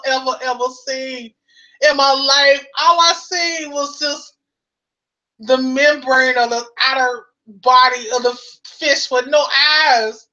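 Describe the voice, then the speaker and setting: Bright, unhurried American woman storyteller. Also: high-pitched, highs cut off. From United States. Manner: animated, laughing, heavy use of "you know". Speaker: vlogger. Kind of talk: casual storytelling.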